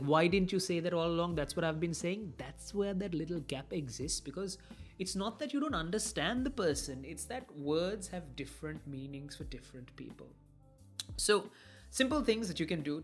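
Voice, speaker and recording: A man gives communication advice in a relaxed, conversational way. He slips into the voices of the people he quotes. Soft music plays faintly behind him. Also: on the high side. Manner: conversational, acts out quoted dialogue. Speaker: communication trainer. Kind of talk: casual motivational talk.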